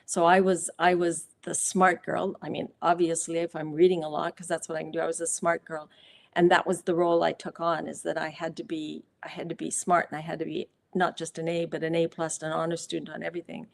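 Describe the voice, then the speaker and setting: A woman's voice: deep voice, little pitch movement, a little fast, vocal fry. Candid woman guest telling stories. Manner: candid, reflective, many fillers and restarts. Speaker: guest author and speaker. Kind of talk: live interview, personal storytelling.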